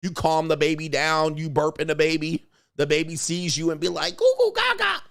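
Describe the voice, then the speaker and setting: A man hosting a livestream, ranting casually and profanely while acting out quotes in animated bursts. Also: fairly high pitch. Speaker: livestream host. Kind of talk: casual commentary rant.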